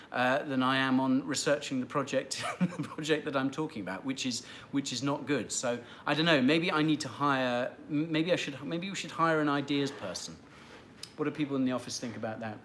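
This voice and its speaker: A man's voice: mid-range voice, fairly bright tone, slight background noise. A man hosting a casual livestream, answering viewer questions in a rambling, chatty way and teasing regulars. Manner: chatty and rambling, with many fillers and restarts, light teasing of viewers. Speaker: livestream host.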